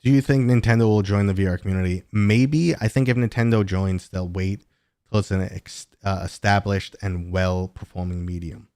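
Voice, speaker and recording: A man's voice: deep voice, steady tone, moderate pace, a little mellow, clean tone, no room sound, clean studio sound. A man in his thirties hosts a livestream, chatting casually and rambling as he answers viewer questions. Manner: rambling, chatty, with many fillers and restarts. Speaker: host.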